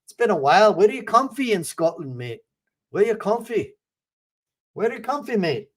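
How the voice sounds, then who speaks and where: Brief: man doing a put-on Glaswegian voice, chummy Scot, pitched up, loud and uneven. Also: sing-song, moderate pace. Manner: matey, calls everyone mate, loud and uneven. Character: chummy Scottish man, attempted Glaswegian accent.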